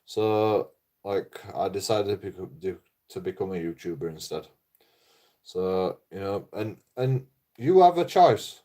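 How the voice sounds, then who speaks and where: A man with a slightly low voice chats loosely on a livestream. He swears freely, loses his thread, repeats himself and chuckles at his own jokes. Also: expressive, a little slow, dark tone. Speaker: livestreaming vlogger. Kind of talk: rambling casual livestream chat.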